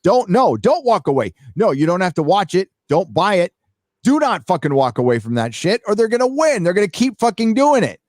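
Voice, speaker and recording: A very animated, high-voiced man with a darkish tone talks briskly while hosting a livestream, reading donations and ranting casually with heavy swearing and constant fillers, all delivered emphatically. The clean studio sound has no echo.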